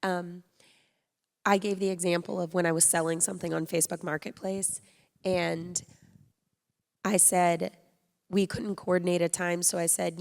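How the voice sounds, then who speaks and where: Low gravelly woman on a panel. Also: flat delivery, normal speed, long pauses. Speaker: panel speaker. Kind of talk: conversational panel talk. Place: theatre stage. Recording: long hall reverb.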